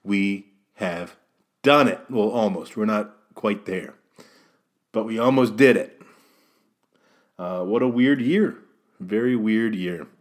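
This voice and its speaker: A man's voice: lowish voice, takes it slowly, pauses often, darkish tone. A man hosting a casual solo podcast, rambling and self-deprecating as he chats straight to the listener. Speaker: podcast host.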